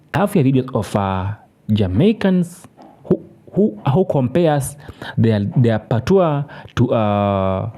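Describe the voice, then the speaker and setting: Man, mellow tone, informal halting narration. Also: mid-range voice. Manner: halting, with restarts. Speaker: channel host.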